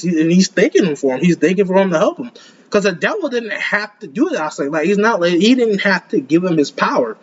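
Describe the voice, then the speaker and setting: A young man giving casual, excitable commentary as an anime reaction host, rambling and laughing often. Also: sits high, a little fast, breathy edge, highs cut off.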